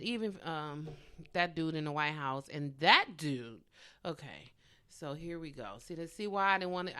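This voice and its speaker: A woman's voice: fairly low pitch, sharp tone, smooth. A woman hosting a podcast alone, ranting casually and bluntly, swearing freely. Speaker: podcast host. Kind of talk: casual solo podcast rant.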